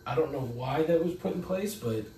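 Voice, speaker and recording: A man's voice: on the high side, expressive, fairly quick, dark tone. A man in casual podcast chat, rambling and cussing with lots of fillers. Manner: rambling, profane, filler-heavy. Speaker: podcast guest. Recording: echoey room, mic at a distance.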